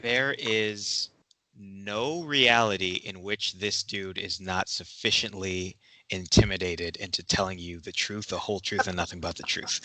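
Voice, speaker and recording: Slow-spoken male game master, halting delivery, bright voice. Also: deep voice, poor audio. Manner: slow, halting narration with many fillers. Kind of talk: narrating a tabletop game.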